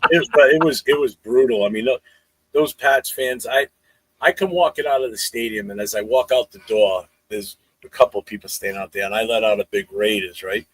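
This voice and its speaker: A man's voice: on the low side, a little fast, husky, dry recording, low-quality recording. A man telling profane fan stories in a casual podcast chat. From New England. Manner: profane storytelling, animated. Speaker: podcast co-host.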